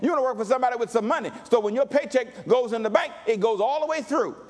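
A male pastor preaching a sermon with call-and-response, dropping to low asides and rising to shouts. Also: fast talker.

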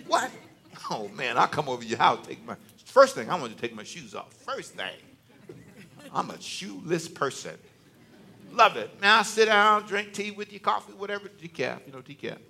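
A man's voice: a little high, big pitch swings, moderate pace, creaky, pushed and bright. A male preacher giving a conversational, joking sermon to a church congregation, teasing and talking directly to them.

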